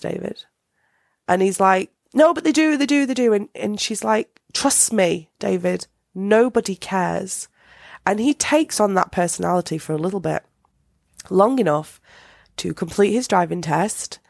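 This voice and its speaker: A woman's voice: medium pitch, vocal fry, no echo, clean studio sound. A woman hosting a casual solo podcast, rambling with many fillers and restarts. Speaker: podcast host.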